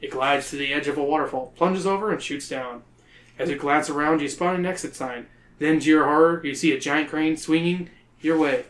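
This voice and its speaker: A man's voice: a little high, a little fast, fairly bright tone. Male host reading a kids' book aloud, playful, roomy echo. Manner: playful, breaking into laughter.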